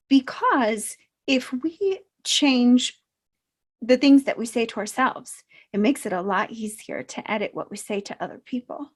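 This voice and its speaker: A woman with a slightly high voice talks very slowly as a self-help coach. She is reflective and gently encouraging, and she often pauses to think in an unscripted talk to camera.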